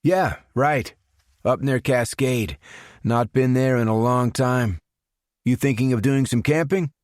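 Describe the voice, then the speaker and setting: An easygoing small-town mechanic who chats in a friendly way, as a male narrator puts him on. The voice is clearly raised in pitch and brighter than the narration. A dry, close audiobook reading. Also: slow pace, no echo, lightly acted. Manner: chatty and easygoing.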